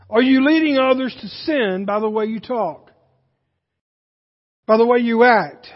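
A man preaching a sermon as pastor, earnest and speaking straight to his congregation. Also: high voice. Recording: dull recording with long hall reverb.

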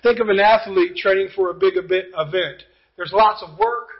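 A pastor preaching a sermon, emphatic, with rhetorical questions and passages that drop to quiet intensity. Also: male voice, sits high, moderate pace, husky, lo-fi sound.

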